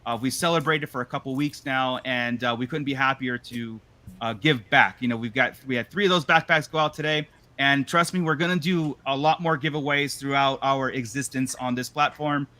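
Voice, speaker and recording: A man's voice: mid-range voice, steady tone, moderate pace, sharp tone. A man hosting a casual livestream podcast, chatty and loose, thanking viewers. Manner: loose, chatty, laughs often. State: tired. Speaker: podcast host.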